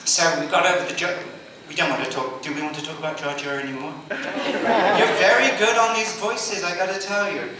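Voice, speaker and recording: A man's voice: high voice, fairly quick, crowd noise. A man, a guest actor on a convention stage, chatting with the audience in a theatrical, teasing manner. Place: large convention hall stage. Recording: echoey hall from far off, noisy.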